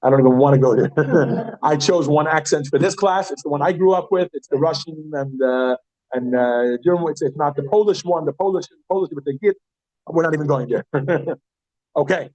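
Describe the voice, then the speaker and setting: A man teaching a Yiddish class, chatty and animated, often restarting his sentences as he talks to the room. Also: fairly high pitch, normal speed, dry recording, rough recording. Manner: animated, chatty, self-interrupting. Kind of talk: classroom lesson.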